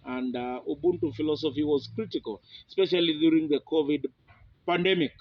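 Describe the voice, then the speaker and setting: A man from Kenya, giving an informal philosophy lecture in an unhurried way, with many fillers and restarts. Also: on the high side, dry recording. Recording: dull, dry lo-fi recording.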